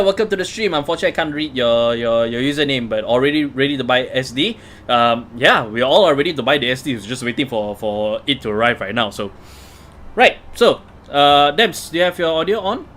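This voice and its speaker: A man's voice: mid-range voice, a bit bright. A man hosting a casual card game livestream, chatty, with many fillers and restarts. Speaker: livestream host.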